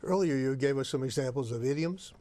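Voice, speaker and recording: A man's voice: mid-range voice, a little fast. A man hosting an interview show, asking his guest follow-up questions and often affirming him briefly. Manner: prompting questions, steady affirmations. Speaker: talk show host.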